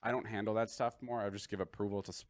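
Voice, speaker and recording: Male podcaster, low voice, rapid and defensive, stumbling restarts. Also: fairly even intonation, crowd noise. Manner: defensive, quick and halting. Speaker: podcast host. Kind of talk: casual podcast talk.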